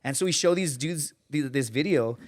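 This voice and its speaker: Speaking at a moderate pace in a slightly high voice, a man in his thirties shares profane, animated anecdotes as a podcast guest. He plays out the people he's quoting as he casually tells his stories.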